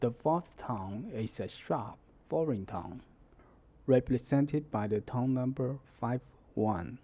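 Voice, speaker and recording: A man teaching a Mandarin lesson, explaining the tones in a measured, deliberate way. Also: mid-range voice, warm tone. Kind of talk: scripted language lesson.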